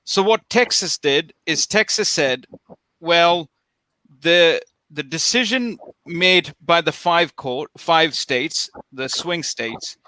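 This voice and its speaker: A man's voice: on the high side, slow pace, sharp tone, no room sound, rough recording. A man from Wales co-hosting a casual chat, explaining a topic at length and swearing casually. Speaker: podcast co-host.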